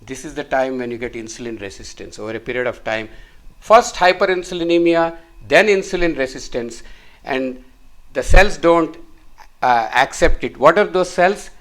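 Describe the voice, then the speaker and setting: A man's voice: medium pitch, normal speed, fairly bright tone. A middle-aged man, a physician, explaining a chart step by step as he draws it, repeating words for emphasis. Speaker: physician teaching. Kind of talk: whiteboard medical lecture.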